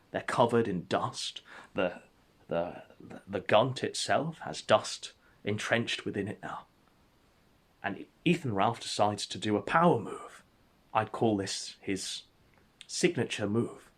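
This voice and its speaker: A man telling an absurd story as comedic narration, in a deadpan, mock-epic way. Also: lowish voice.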